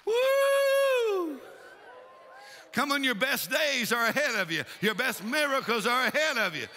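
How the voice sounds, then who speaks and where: A man preaching a fiery sermon, shouting and exhorting with repeated rallying calls. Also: very high-pitched, lively intonation, a little fast, slight background noise. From Texas. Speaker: pastor. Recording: reverberant church hall.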